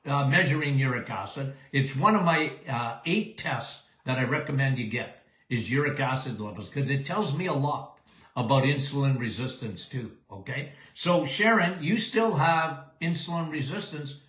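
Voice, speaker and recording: Emphatic older man, bright and roomy. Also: mid-range voice, normal speed. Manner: folksy, emphatic, keeps asking "okay?". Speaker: doctor answering listener questions. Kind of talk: live Q&A show.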